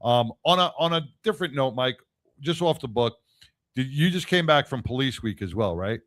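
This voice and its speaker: A man's voice: mid-range voice, expressive, moderate pace, fairly bright tone. Upbeat male radio interviewer. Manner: upbeat, plugs the guest's book. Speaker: radio show host. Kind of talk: interview hosting.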